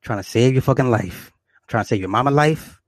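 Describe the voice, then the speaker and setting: A man's voice: medium pitch, fairly quick, dry recording. A man delivering a profane, boastful comedic rant to his viewers, repeating himself and laughing often. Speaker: vlogger.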